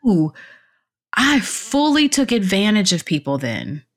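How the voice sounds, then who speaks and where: Her voice sits in the mid-range and moves a little slowly as she talks casually as a podcast guest, a clarity coach and fitness instructor. She tells stories with animation, laughing frequently and acting out the quotes.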